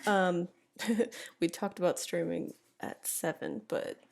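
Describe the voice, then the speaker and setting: A woman's voice: on the low side, fairly even intonation, takes it slowly, gravelly, darkish tone. A young woman chatting casually on a live stream from home, rambling to herself while she fiddles with her settings. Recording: faint background music. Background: faint music.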